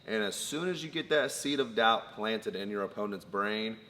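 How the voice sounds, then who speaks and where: A man with a somewhat low voice breaks down a fight point by point in relaxed talk. His voice carries a long room reverb. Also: moderate pace. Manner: methodical, lists points in order. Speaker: co-host, fight analyst. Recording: long reverb, faint background noise.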